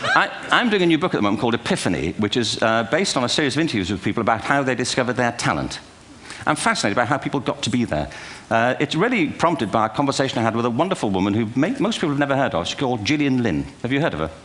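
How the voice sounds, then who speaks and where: In a large auditorium, an older man addresses a live audience with rapid-fire delivery in a medium-pitched, slightly bright, very animated voice. The keynote is humorous, full of wry asides and self-deprecating anecdotes.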